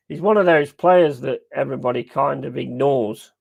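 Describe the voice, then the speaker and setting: A man chatting casually and excitedly over a live match, swearing freely and rambling through stories. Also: medium pitch, gravelly, slightly rough. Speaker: watch-along streamer.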